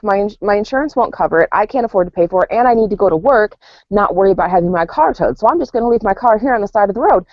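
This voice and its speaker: A woman's voice: mid-range voice, rapid-fire, dry recording. A woman co-hosting a podcast, telling stories casually and acting out the quotes she tells. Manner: animated storytelling with acted-out quotes and laughter. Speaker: podcast co-host. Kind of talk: casual chat. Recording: dull lo-fi sound.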